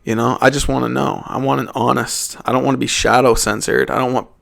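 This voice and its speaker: A man's voice: mid-range voice, level tone, brisk, creaky, a bit bright. A young man from Canada hosting a casual solo podcast, rambling and profane, often cutting himself off and restarting. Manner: rambling, profane, self-interrupting. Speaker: podcast host.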